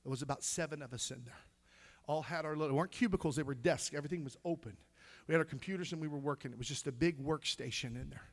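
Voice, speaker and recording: A man's voice: fairly high pitch, quick pace. A middle-aged man preaching a sermon, calling out to the congregation, singing snatches of a song and laughing as he tells stories. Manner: loud, preachy call-and-response with singing and laughter. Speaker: pastor.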